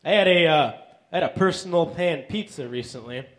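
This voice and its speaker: A man with a fairly high, lively-pitched voice delivers stand-up one-liners on a club stage. His deadpan delivery stalls on hesitant fillers before each punchline. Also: fairly quick. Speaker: stand-up comedian. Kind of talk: stand-up set.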